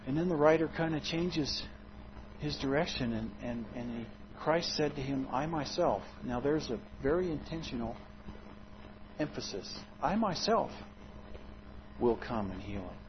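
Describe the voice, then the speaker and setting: A man preaching a sermon in an expressive, dramatic way, often swinging his loudness and pitch. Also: moderate pace, lo-fi sound, slight background noise.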